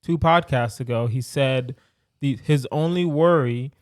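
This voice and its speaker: A man's voice: medium pitch, a little slow, darkish tone, no room sound, clean studio sound. A man hosting a casual podcast chat, playful and teasing, laughing easily as he explains a question. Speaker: podcast host.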